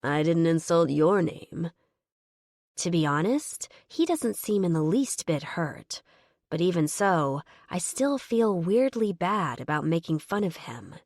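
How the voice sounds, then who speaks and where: A woman narrating a romance audiobook in the first person, with wry, measured storytelling. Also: on the low side, very animated, a little mellow, no echo, clean studio sound.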